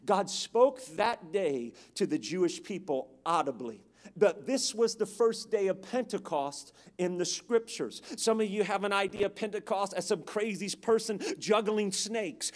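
High-voiced emphatic male preacher. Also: lively intonation, measured pace. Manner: dramatic, emphatic preaching with call-and-response. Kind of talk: sermon.

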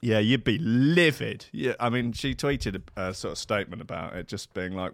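A man's voice: medium pitch, normal speed, few pauses, dry recording, clean studio sound. A man as podcast host, doing a sweary comedic monologue that keeps slipping into voices and outbursts. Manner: animated, sweary, slips into voices and shouts.

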